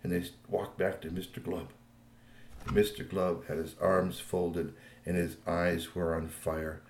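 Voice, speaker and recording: A man improvising a bedtime story for his child, animated and meandering, in an echoey room. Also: deep voice, unhurried. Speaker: parent telling a bedtime story.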